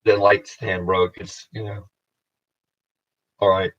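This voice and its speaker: A man with a very low voice drifts through a loose, profane monologue, stopping and restarting his thoughts. The recording sounds dull and lo-fi, with the top end rolled off. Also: flat delivery, a bit bright. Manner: meandering, profane, halting restarts. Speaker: vlogger. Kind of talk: rambling casual monologue to camera.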